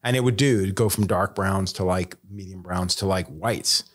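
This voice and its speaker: Brief: lower-voiced male guest, profane, lively storyteller, casual podcast chat. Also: moderate pace, slightly rough. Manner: swears a lot, animated when retelling others. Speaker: guest tattoo artist.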